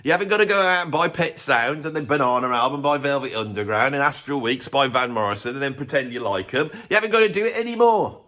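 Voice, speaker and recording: A man's voice: medium pitch, fast, hardly any pauses, sharp tone. A man hosting a music channel, ranting his blunt opinions in casual talk to camera with chuckling asides.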